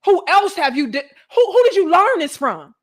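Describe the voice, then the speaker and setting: A crude, careless young man, boastful and full of profanity, fires off incredulous questions, as a woman mimics him. The voice sits high for a man. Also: lively intonation, unhurried, a bit bright.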